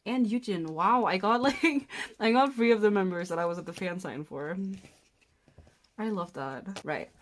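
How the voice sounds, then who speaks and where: A nineteen-year-old woman from Denmark, chatting casually and excitedly while unboxing, often gasping, giggling and swearing. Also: mid-range voice, normal speed. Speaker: vlogger.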